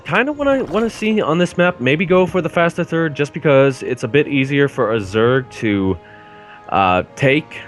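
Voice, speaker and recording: A man casting a strategy game match on his own channel, steady play-by-play with frequent fillers. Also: a little high, moderate pace, faint music behind. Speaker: caster, channel owner. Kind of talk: esports play-by-play commentary.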